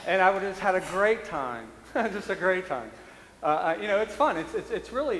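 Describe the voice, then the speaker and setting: A man's voice: on the high side, fairly bright tone, a little hiss or hum. Man preaching with chuckles in an echoey church. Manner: humorous storytelling, self-mocking, chuckles often. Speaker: priest. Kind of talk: sermon. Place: church sanctuary. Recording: roomy echoey church hall.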